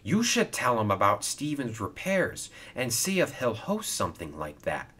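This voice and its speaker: A man voicing a thoughtful, agreeable male steam engine in a storybook reading, measured and suggesting. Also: fairly low pitch, wildly swooping pitch, a bit bright, slightly rough, full character voice.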